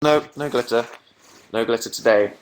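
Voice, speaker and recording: A man's voice: mid-range voice, moderate pace. Guy chatting on a home live stream, rambly and self-mocking, webcam mic. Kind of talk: casual live stream chat.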